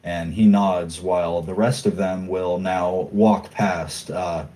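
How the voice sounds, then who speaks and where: A man's voice: deep voice, steady tone, takes it slowly, warm tone. Laid-back man narrating as game master.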